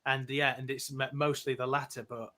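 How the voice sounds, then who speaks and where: A man who is a guest voice actor, chatting excitably and with self-deprecating humor on a podcast. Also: medium pitch, normal speed. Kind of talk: casual podcast chat.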